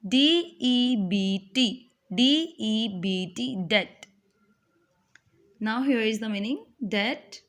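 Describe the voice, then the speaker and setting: A woman's voice: a little high, expressive, drawn-out words. A woman teaching a reading lesson, spelling words out letter by letter and explaining their meanings. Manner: mixes in Urdu tag questions. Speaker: English teacher.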